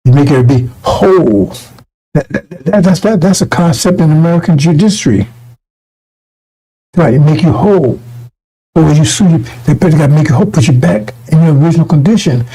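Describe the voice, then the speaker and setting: Gravelly husky guy ranting, fired up, stumbles and restarts a lot. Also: on the high side, expressive, brisk, warm tone, low-quality recording. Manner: fiery, rambling with many restarts. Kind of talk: emotional spoken commentary.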